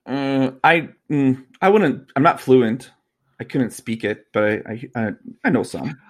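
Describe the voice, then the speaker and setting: A man's voice: medium pitch, animated, unhurried. A man, co-hosting a casual chat and teasing his friend in playful banter.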